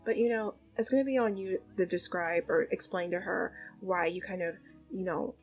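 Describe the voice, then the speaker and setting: A woman's voice: lowish voice, normal speed, faint music behind, lightly acted. A woman voicing a selfish young man who answers grudgingly and defensively in a life-sim story. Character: sulky young adult man, selfish ex-boyfriend.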